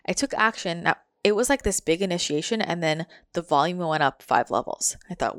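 A woman with a slightly low voice talks through a motivational monologue in a loose, reflective way. She leans on casual fillers and repeats her phrases for emphasis. The sound is close and dry, with no room around it. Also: a little fast, few pauses, a bit bright, no room sound.

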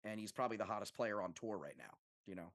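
A man's voice: lowish voice, lively intonation, quick pace, a bit bright. A man hosting a podcast in casual chat, easygoing, with plenty of "like" and "you know". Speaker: podcast host. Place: podcast studio.

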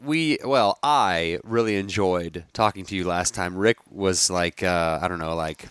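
A man's voice: low voice, unhurried, a bit bright, smooth, dry recording. A man co-hosting a podcast in casual chat, teasing and laughing often. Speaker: podcast co-host.

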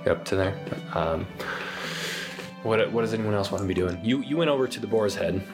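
A young man narrating as game master in a tabletop game, relaxed and full of ums. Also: fairly low pitch, a little fast, over music. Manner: relaxed, hesitant, with many ums.

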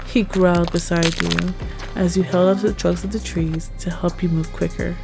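A woman narrating a tense second-person audio story in a measured way. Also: fairly low pitch, flat delivery, creaky, rough recording. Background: music.

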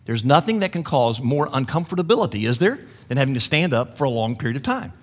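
A man's voice: medium pitch, very animated, fast talker, few pauses. A man preaching a sermon, retelling a story with joking asides to the congregation.

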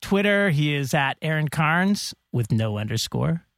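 A man's voice: on the high side, expressive, a little slow, fairly bright tone, no room sound, studio quality. A man co-hosting a podcast, chatting casually, laughing often and fumbling through a joke. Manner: giggly, fumbling joke teller. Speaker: podcast co-host. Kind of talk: casual chat.

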